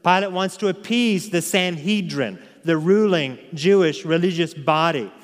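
Pastor, male, higher-pitched voice, emphatic expository preaching, with a long hall reverb behind his voice. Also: measured pace. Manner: emphatic, rhetorical questions. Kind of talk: expository sermon.

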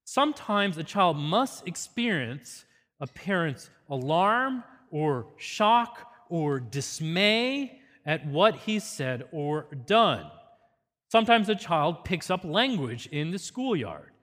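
A man's voice: on the high side, very animated, slow, a bit bright, big-room sound. A man giving an earnest, teacherly parenting seminar with a faith focus.

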